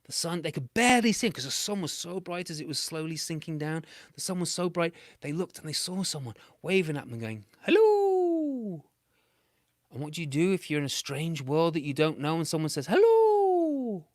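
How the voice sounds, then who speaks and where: A British man making up a playful, animated children's story, with big swings between loud and soft. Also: on the high side, quick pace, hardly any pauses, dry recording, clean studio sound.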